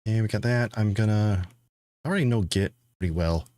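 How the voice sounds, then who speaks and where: A man's voice: lowish voice, fairly quick, darkish tone, no echo. A man streaming game development, thinking aloud and rambling casually to his viewers. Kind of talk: casual live-stream chat.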